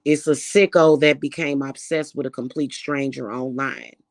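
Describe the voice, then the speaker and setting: A woman's voice: a bass voice, steady tone, normal speed, no room sound, studio quality. A woman delivering a heated, profane vlog rant, repeating her points. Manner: heated, profane, repetitive ranting. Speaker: spiritual reader and vlogger. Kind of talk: angry monologue vlog.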